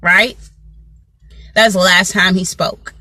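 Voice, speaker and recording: Bright, chatty woman vlogger. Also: a little high, lively intonation, measured pace. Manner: chatty, greets viewers by name mid-story; frequent "you know what I'm saying" asides. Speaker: motivational vlogger. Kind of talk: casual storytelling to live viewers.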